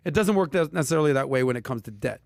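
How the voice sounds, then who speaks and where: A man hosting a casual personal finance podcast, talking with punchy emphasis and lively asides. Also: medium pitch, racing, dry recording, studio quality. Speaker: podcast host.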